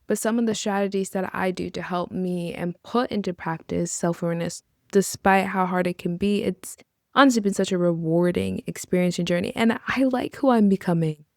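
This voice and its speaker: Earnest woman with a gravelly fry. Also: lowish voice, fairly even intonation, brisk, dry recording, clean studio sound. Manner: earnest and encouraging, with casual asides. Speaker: podcast host. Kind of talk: reflective podcast monologue.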